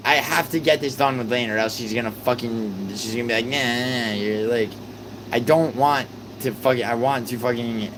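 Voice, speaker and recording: A young man hosting a livestream, arguing heatedly with his chat, exasperated and swearing in rapid outbursts. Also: mid-range voice, fairly bright tone, a little hiss or hum, low-quality recording. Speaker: livestream host.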